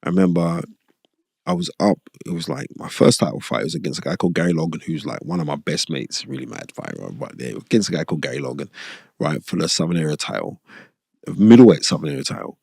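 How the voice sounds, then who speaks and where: A man's voice: extremely low pitch, fast, vocal fry, a little mellow, husky, no room sound, clean studio sound. A middle-aged man, a former boxer, telling stories in a casual interview and checking in with frequent "you know what I mean?" asides. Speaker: former boxer, podcast guest.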